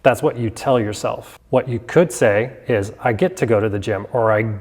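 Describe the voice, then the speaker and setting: A man's voice: mid-range voice, moderate pace, darkish tone, husky. A man, a fitness coach, co-hosting a casual gym news vlog in an upbeat, motivational and joking way. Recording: echoey hall with long reverb.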